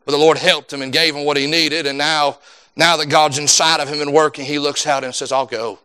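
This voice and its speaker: A man preaching a sermon in a fervent, repetitive cadence that climbs loud and drops quiet. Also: fairly high pitch, level tone, a little fast, clear, resonant tone.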